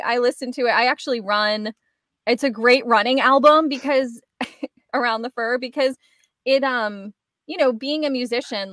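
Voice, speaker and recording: A woman's voice: fairly high pitch, fairly bright tone, no echo, clean studio sound. A woman hosting an interview, chatting eagerly with lots of fillers. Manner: enthusiastic, chatty, frequent laughs and fillers. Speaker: podcast host. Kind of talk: casual interview chat.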